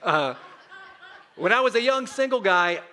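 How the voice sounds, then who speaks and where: A man in his fifties preaching a sermon as pastor, animated and leading the congregation in call-and-response. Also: high voice, unhurried.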